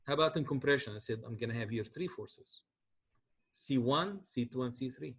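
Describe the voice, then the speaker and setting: A man's voice: mid-range voice, moderate pace, a bit bright, slightly rough. A man teaching a university engineering class, explaining calculations step by step and often checking that students follow. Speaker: engineering lecturer. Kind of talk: university lecture.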